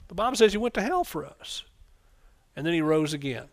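A middle-aged man preaching a fervent sermon, calling out for amens and swinging between soft asides and loud bursts. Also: fairly high pitch, big pitch swings, a little fast.

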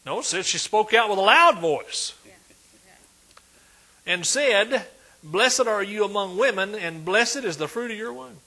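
High, husky-voiced male preacher. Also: animated, a little slow. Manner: emphatic, swings between loud and hushed. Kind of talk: sermon.

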